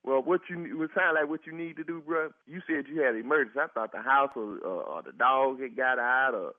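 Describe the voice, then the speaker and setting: A man's voice: medium pitch, a little fast, no echo. Exasperated man laughing over a phone. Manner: exasperated, keeps laughing in disbelief. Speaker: prank call target. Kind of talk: phone conversation. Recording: tinny phone line.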